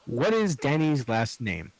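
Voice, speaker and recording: A man reading a brisk male agent asking questions. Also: medium pitch, wildly swooping pitch, no echo, low-quality recording.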